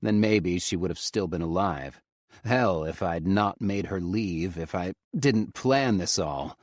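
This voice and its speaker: A man narrates a first-person audiobook in a grave, measured manner. His voice sits very low and he takes his time over each phrase. The close studio sound is dry, with no room around it. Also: dry recording.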